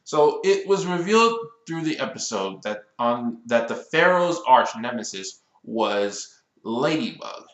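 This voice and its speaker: A man in his twenties reviewing a cartoon episode in a casual rant, complaining in an exasperated, animated way that builds into outbursts. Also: medium pitch, unhurried, roomy sound, low-quality recording. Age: 20s.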